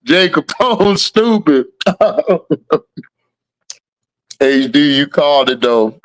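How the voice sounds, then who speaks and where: A man with a high-pitched voice hosts a laid-back livestream, greeting viewers by name and laughing through his replies. He takes his time and speaks. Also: expressive, slow pace. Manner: reads out viewer names and answers chat, laughs often. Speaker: livestream host. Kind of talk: casual live-chat commentary.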